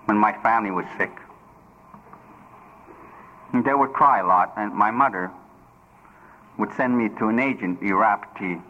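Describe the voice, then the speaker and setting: A man's voice: on the low side, measured pace, pauses often. An older man telling his personal story at a recovery meeting, humorous and plain-spoken with broken grammar. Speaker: recovery speaker. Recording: dull lo-fi recording with faint noise.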